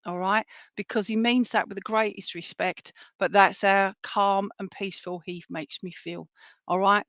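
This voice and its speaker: A woman, working as a spiritualist medium and relaying messages to people at an online service in a gentle, reassuring way, often checking in with "all right?". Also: medium pitch, no echo. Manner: gentle, reassuring, full of fillers and "all right?" tag questions. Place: at home for an online church service.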